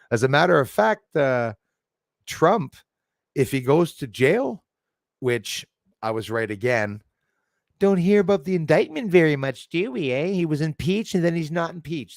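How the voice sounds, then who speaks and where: A man's voice: medium pitch, no room sound. A man hosting a live stream from a forest, talking casually to his chat in a blunt, profane, rambling way and laughing off critics. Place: outdoors in a forest.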